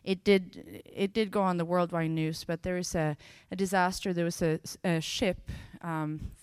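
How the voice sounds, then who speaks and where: A woman preaching a sermon, telling Bible scenes with lively voices and slowing down on key phrases. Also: lowish voice, smooth, no room sound, studio quality. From Sweden. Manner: expressive, acts out scenes with sudden loud bursts.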